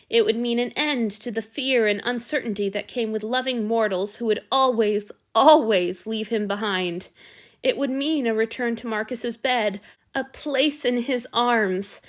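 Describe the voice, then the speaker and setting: A woman narrating a fan fiction story aloud in a steady, expressive reading. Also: fairly high pitch.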